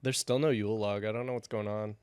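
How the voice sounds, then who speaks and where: A man's voice: fairly low pitch, fairly even intonation, fast, a little mellow, smooth, dry recording. A man co-hosting a podcast, dropping short wry remarks in casual chat. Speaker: podcast co-host.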